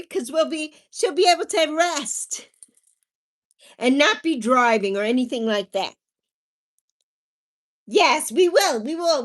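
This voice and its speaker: A woman's voice: high voice, animated, moderate pace. A woman hosting a casual livestream, chatting with viewers in a bubbly, sing-song way and drawing out her words. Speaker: livestream host.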